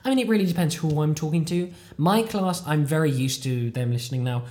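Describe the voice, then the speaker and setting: A British podcast host from the UK, who is also a language learner, rambles casually through a monologue full of tangents, self-mockery and offhand swearing. The voice is medium-pitched, fairly quick and somewhat dark in tone.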